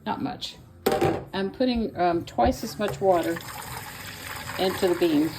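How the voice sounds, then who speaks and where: Over loud music, an older Kentucky woman with a Southern Appalachian accent keeps up a homey, rambling chat for her vlog as she walks the yard and then cooks indoors, a bit winded. She speaks at a measured pace with a fairly low pitch.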